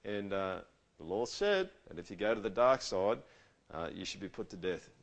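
A man preaching a conversational sermon, casual and animated, asking his audience questions. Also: low-pitched, moderate pace.

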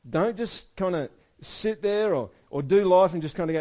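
A man's voice: high-pitched, lively intonation, moderate pace, few pauses, warm tone. A man giving a conversational Bible talk who asks his listeners direct questions and acts out what ordinary people might say. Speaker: preacher.

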